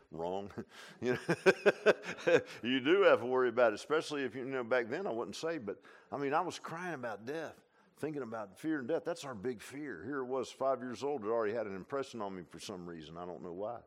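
Older male pastor, mid-pitched, folksy and animated, big swings between soft and loud, conversational preaching. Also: moderate pace. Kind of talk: sermon.

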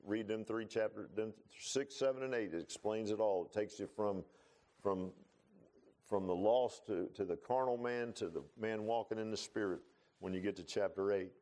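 A man preaching a sermon in a folksy, animated way, often calling listeners "man.". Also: on the low side, normal speed.

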